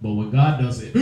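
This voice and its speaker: A man's voice: a little high, dark tone, highs cut off. A man preaching in blunt, profane street talk, mocking the views he argues against. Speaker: teacher of a religious group. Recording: very echoey room.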